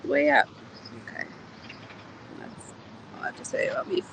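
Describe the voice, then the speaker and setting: A woman chatting casually on a livestream outdoors, rambling, laughing and swearing as she talks. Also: normal speed. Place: outdoors in a community garden. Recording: faint outdoor noise.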